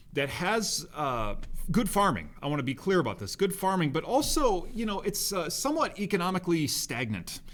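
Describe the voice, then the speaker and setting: A man's voice: on the high side, fairly bright tone. A man giving a recorded history lesson, conversational, with many fillers and restarts. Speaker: history teacher. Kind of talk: recorded classroom lecture.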